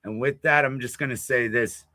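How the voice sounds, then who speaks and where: A man's voice: mid-range voice, steady tone, normal speed, bright, forceful tone, no echo. A man guest telling a rowdy road-trip story in casual chat, swearing and laughing freely. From Florida. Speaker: blues musician guest.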